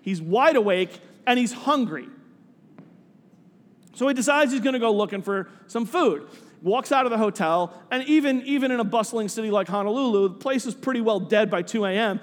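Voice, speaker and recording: High-voiced man telling a story. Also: moderate pace, big-room sound. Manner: animated storyteller, voicing characters, repeating words.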